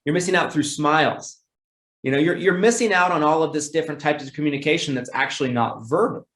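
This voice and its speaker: This fast-talking sales trainer has a fairly high male voice that echoes in a reverberant room. His casual, repetitive lesson on sales calls features bright, excited acting-out of phone scripts, with repeated words and frequent self-corrections.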